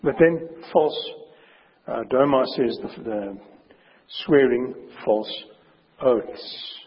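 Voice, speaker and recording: A man preaching a sermon with a very husky voice, speaking emphatically and slowing down to stress his warnings. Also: mid-range voice, slight background noise. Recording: dull recording with long hall reverb.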